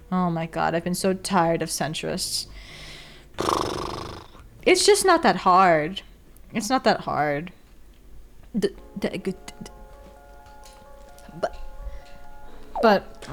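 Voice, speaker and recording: Unhurried young woman streamer, blunt. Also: fairly low pitch, sing-song, soft background music. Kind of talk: casual live-stream chat while drawing.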